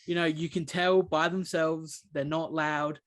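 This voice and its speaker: Podcast co-host, man, slightly higher pitch, chatty rambling storyteller. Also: little pitch movement, measured pace. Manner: rambling storyteller, many restarts. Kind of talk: casual chat.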